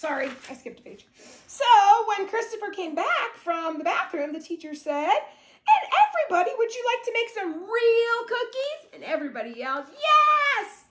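A woman reading a picture book aloud to young children, playful, adding sound effects and prompting them to join in. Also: very high voice. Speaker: guest story reader. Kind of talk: animated read-aloud to children. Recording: echoey room.

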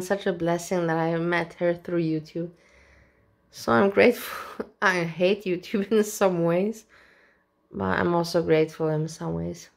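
A woman's voice: lowish voice, steady tone, measured pace, vocal fry. A woman vlogger talking casually and openly emotional, with a rambling way of speaking. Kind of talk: casual reaction vlog.

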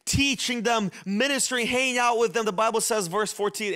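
A man pastor preaching a sermon, repeating his lines and swinging between hushed phrases and shouted ones. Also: extremely high pitch, a little fast, few pauses. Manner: swings from quiet to shouting, repetitive preaching cadence.

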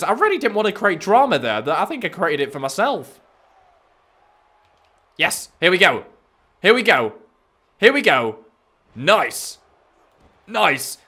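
A young man commentating live over his own gameplay, cheeky and excitable, swearing and shouting at the screen. His pitch swings all over the place and his tone is bright and forceful. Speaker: gaming YouTuber.

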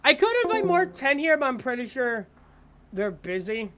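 A woman's voice: high voice, very animated, moderate pace. A woman giving casual let's-play commentary, mumbling asides and breaking into startled reactions, on a dull lo-fi mic. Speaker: gaming video creator.

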